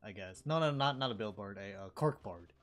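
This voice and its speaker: A man narrating a tabletop game as dungeon master in a relaxed, chatty way. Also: on the low side, brisk.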